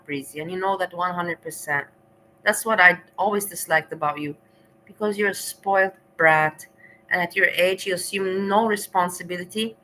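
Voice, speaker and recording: Bright-voiced woman ranting bluntly. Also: medium pitch, a little hiss or hum, low-quality recording. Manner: blunt, scathing, profane. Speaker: reaction vlogger. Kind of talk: reaction commentary.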